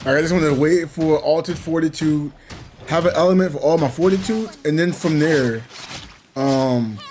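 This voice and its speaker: A man's voice: fairly high pitch, normal speed, a little mellow, a little hiss or hum. A young man, a gaming channel host, talking casually and reflectively while he plays, rambling and chuckling between points. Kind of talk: casual talk while playing a game.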